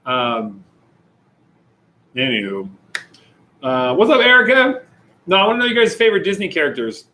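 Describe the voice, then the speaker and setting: Young man, youth pastor, playful livestream chat, bright tone, slightly high voice. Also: big pitch swings, normal speed, pauses often, rough recording. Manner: jokey, playful, chatty with viewers.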